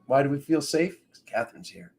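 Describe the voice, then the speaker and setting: A man's voice: medium pitch, animated, fairly quick, faint music behind. A man hosting a spiritual tarot live stream who has just woken up, chatting playfully and calling out viewers by name. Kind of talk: casual live-stream chat greeting viewers.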